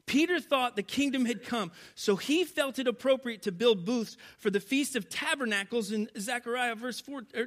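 A pastor preaching to a congregation from a church stage, swinging between loud, animated passages and hushed, quiet ones. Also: male voice, very high-pitched. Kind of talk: sermon.

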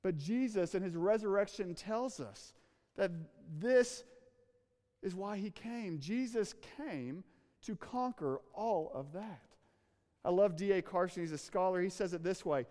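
A man preaching a sermon to a congregation in a church room, earnest, slowing down and dropping to a hush for emphasis. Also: sits high, lively intonation. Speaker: pastor. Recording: long reverb of a large hall.

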